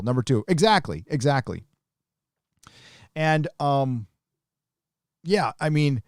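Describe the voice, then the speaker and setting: A man's voice: mid-range voice, darkish tone, no room sound, studio quality. Blunt, profane man hosting a live stream. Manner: blunt, profane, rambling opinion talk. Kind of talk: casual live-stream chat reading viewer comments.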